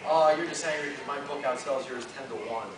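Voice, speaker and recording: A man voicing a cute undead zombie girl who teases in a sing-song, deadpan way, recorded from afar in an echoey convention hall. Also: mid-range voice, a little fast, close to an everyday voice. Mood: teasing. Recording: echoey convention hall from far off, loud noise.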